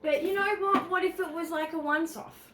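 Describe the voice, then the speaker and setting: A woman's voice: very high voice, moderate pace, a crowd in the background. A woman with an Australian accent chatting casually on a vlog, telling stories with animation and acting out other people's lines. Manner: animated storyteller, acts out what others said. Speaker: vlog co-host. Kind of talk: casual chat.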